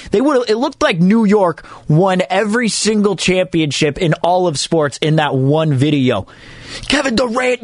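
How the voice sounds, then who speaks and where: A man's voice: a little high, no echo. A man hosting a sports radio show, talking through listener comments in a chatty, rambling way with frequent restarts. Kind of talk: sports talk show monologue.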